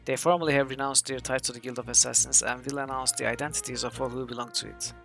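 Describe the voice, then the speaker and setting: A man's voice: medium pitch, fairly even intonation, fast talker, gravelly, fairly bright tone, faint music behind. A man reading aloud the lines of a bold young male thief hero in a game, in a plain, earnest way.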